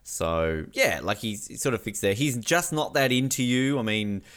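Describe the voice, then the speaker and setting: A man's voice: mid-range voice, lively intonation, moderate pace, a bit bright, smooth. A man co-hosting a podcast, chatting casually and rambling, often laughing. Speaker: podcast co-host. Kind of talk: casual chat.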